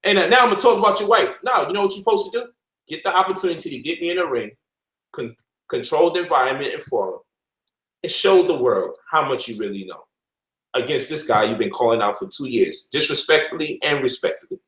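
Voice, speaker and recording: A man hosting a casual livestream, lecturing and mocking by turns in an animated way. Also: mid-range voice, fairly quick, reverberant, poor audio. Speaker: host.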